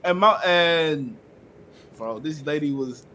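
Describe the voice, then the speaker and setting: A young man co-hosting a casual podcast, telling a story with loud, animated bursts and frequent laughter. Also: a little high, slow pace, heavy background noise. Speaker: podcast co-host.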